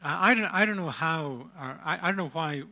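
A man preaching a sermon, emphatic, with dramatic pauses and repeated phrases. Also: on the high side, lively intonation, vocal fry, sharp tone. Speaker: pastor.

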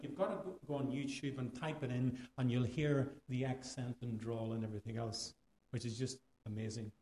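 A man's voice: medium pitch, warm tone. A man with an Irish accent preaching a sermon in a conversational way, asking his listeners rhetorical questions.

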